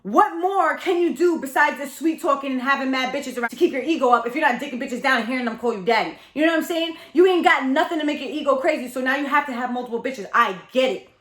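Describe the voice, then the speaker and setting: A woman in her thirties telling a candid storytime confession, animated, dramatic and blunt, with lots of profanity. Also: sits high, fast, hardly any pauses, roomy sound. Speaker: storytelling vlogger.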